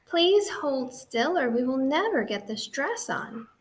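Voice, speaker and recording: A doting, genteel housewife from a children's storybook gushes over everything in a raised, emphatic voice, as a woman reads her part. She speaks slowly and fussily. The pitch sits a little high. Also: sing-song, a little hiss or hum. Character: fussy, doting middle-aged housewife. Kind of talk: children's audiobook reading.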